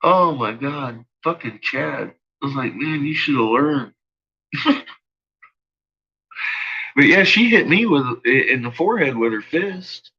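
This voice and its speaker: A man with a husky, bright voice tells a rambling personal story, swearing constantly and laughing between lines. His pitch sits a little high and jumps around a lot. The recording is muffled and lo-fi. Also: expressive, slow, pauses often. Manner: profane, laughs often while telling. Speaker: vlogger.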